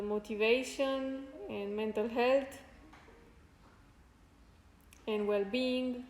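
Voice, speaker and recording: A woman hosting a casual live stream, chatting with viewers in a soft-spoken, halting and grateful way. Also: a little high. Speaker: fitness streamer. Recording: roomy echo with faint music.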